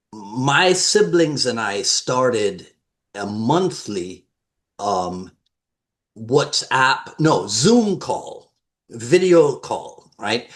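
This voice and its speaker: Animated male storyteller from the West Indies. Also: mid-range voice. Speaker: guest martial arts instructor. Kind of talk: casual conversation.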